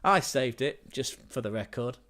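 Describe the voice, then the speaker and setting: A man's voice: mid-range voice, animated, moderate pace, a bit bright. An English man chats loosely on his livestream, rambling through stories and swearing freely. He talks in a middle register, plain and conversational. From England. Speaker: livestream host. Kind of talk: casual livestream storytelling.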